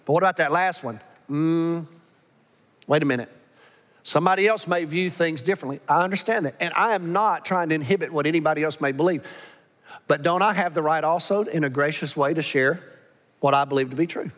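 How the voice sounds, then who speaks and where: A man preaching a sermon as pastor, pressing his points with slow, weighty lines between quicker asides. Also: a little high, a bit bright. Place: large church sanctuary. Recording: long hall reverb.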